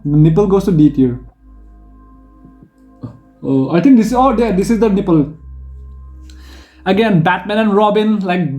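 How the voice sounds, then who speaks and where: A man hosts a casual gaming tier list, his voice pitched high yet mellow and warm. He talks excitably and rambles, repeating words and restarting his sentences, while a faint guitar plays underneath. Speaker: gaming video host.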